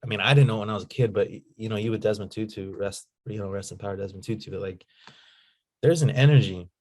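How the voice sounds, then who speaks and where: A man telling stories in a casual interview as a guest, animated and slangy. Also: fairly low pitch, fast. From United States. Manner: animated storyteller, slangy, says "man" and "you know". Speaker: guest, nonprofit founder.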